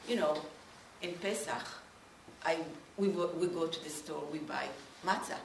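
A woman from Israel asks a question from the audience, speaking in halting, broken phrases. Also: sits low, gravelly, slight background noise. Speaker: audience member asking a question. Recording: echoey room, far from mic.

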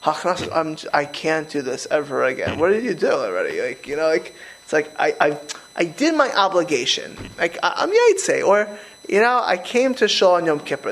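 A middle-aged man talking in a casual conversation, animated and emphatic, often restarting his sentences. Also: a little high, low-quality recording.

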